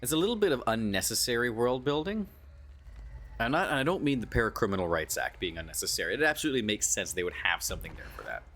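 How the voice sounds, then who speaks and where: A man's voice: medium pitch, lively intonation, fast talker, fairly bright tone. A man streaming a video game, giving casual, musing commentary and swearing freely. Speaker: gaming streamer.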